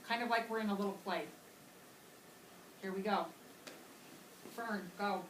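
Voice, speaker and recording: A woman's voice: medium pitch, unhurried. Woman teacher in an echoey classroom. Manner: patient, explanatory, models voices for children. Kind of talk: classroom reading lesson. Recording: echoey classroom from far off with loud noise.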